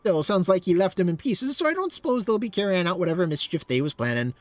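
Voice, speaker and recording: A man voicing a gruff, blunt harbor officer in a put-on British pirate accent, swearing and dropping into rough dialect. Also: high-pitched, very animated, fast, no room sound.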